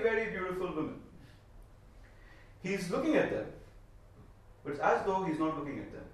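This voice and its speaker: Man telling a story, echoey and distant. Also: high voice. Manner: animated, emphatic, with repeated phrases. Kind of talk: storytelling talk. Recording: echoey room from far off.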